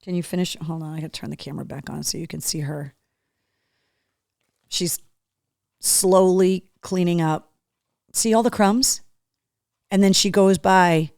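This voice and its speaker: A woman hosting a casual live show, chatty and excitable, talking to her dog between opening gifts from fans. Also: fairly low pitch, unhurried, creaky, long pauses, dry recording, studio quality. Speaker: host.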